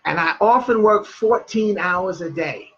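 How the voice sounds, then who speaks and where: A man voicing a cool-headed, proud mother of four who speaks deliberately and stresses her words. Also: high-pitched, slightly rough, dull audio, pitched above the performer's own voice, exaggerated voice. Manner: calm, deliberate, emphatic.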